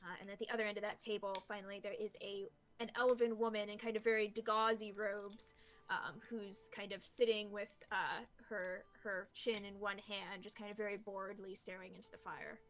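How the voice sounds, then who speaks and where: A woman narrating as game master of a tabletop game, pausing often with fillers as she describes the scene. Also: medium pitch, little pitch movement, a bit bright. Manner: halting, many fillers while describing scenes.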